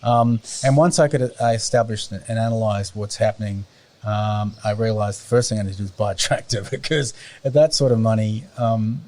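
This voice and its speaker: A middle-aged Australian man chatting as a podcast guest, rambling and often pausing to search for words. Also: lowish voice, steady tone, a little mellow. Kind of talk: casual conversation.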